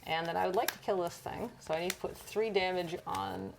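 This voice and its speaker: A woman playing a card game on a stream, thinking aloud and counting out loud. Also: lowish voice, fairly quick, creaky, noisy background. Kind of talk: casual game play chat.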